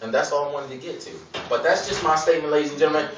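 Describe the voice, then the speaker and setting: A man's voice: on the high side, racing, a bit bright, a little hiss or hum. A man from Gary, Indiana, doing a loose, profane stand-up routine full of digressions and put-on voices. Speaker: stand-up comedian. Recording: echoey room from a distance.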